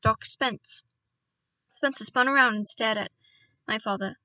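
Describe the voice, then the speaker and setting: Bright-voiced woman reading a children's book. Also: a little high, a little slow, dry recording, recorded from a distance. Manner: casual asides to viewers mid-reading. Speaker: audiobook reader. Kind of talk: reading a children's novel aloud.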